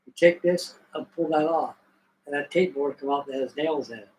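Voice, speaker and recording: A man's voice: on the high side, normal speed, darkish tone, recorded from a distance, slight background noise, rough recording. An older man from Virginia, hosting a live stream, spinning a rambling, folksy story with restarts. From Virginia, USA. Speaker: host.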